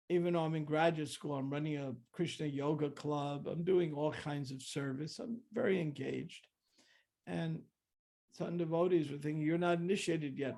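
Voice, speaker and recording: A man's voice: fairly high pitch, creaky, darkish tone. An older man giving a reflective storytelling talk, often restarting and acting out what people said. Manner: reflective, with many restarts and acted-out quotes. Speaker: guest speaker.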